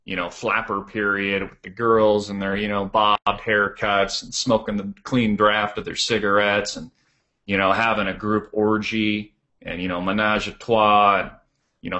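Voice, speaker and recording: A man's voice: fairly low pitch, sharp tone. A man hosting a radio talk show from his office, rambling in a filler-heavy monologue and ranting about elites.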